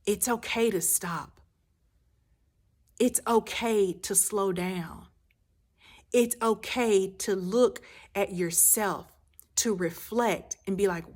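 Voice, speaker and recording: A woman life coach delivers a motivational speech, repeating her phrases for emphasis and often sinking into a soft, low near-whisper. She takes it slowly, leaving long pauses.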